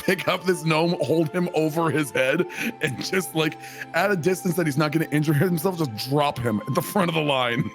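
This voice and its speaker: A man's voice: a little high, moderate pace, music in the background. A man playing a tabletop game, describing his character's actions in a rambling, filler-heavy way and laughing often. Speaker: player. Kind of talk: casual tabletop game chat.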